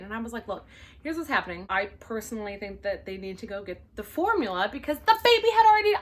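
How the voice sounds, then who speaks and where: Exasperated, animated woman telling a story. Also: a little high. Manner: animated, exasperated, swings to loud disbelief. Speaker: flight attendant telling a work story. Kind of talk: casual storytelling vlog.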